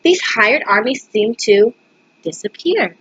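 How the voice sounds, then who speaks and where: Woman doing a nervous advisor reporting to the king, high breathy voice, muffled. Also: animated, slow pace, a bit bright, no room sound, exaggerated voice. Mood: anxious.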